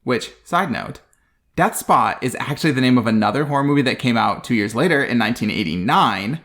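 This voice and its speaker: A man with a dry, sarcastic sense of humor recaps a trashy horror film for his podcast co-host. His pitch moves a lot as he mocks the plot, and his voice sits in a middle register. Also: expressive, brisk, a bit bright. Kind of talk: casual comedic movie recap.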